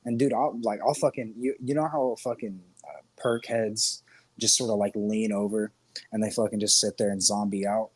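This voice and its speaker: A man's voice: lowish voice, fairly even intonation, moderate pace, slightly rough, no room sound. A man co-hosting a podcast, talking in a rambling, profane, joking way and laughing often. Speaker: podcast co-host. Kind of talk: crude casual chat.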